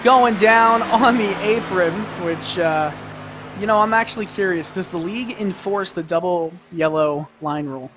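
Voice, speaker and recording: A man's voice: high voice, moderate pace, noisy background. A man giving color commentary on an online race, chatty and rambling, often laughing. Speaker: sim racing color commentator.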